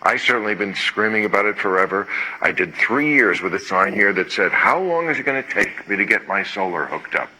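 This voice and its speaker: A man's voice: fairly low pitch, expressive, brisk, very noisy. A man hosting a talk show, delivering sarcastic political commentary with punchy jokes and the occasional swear word.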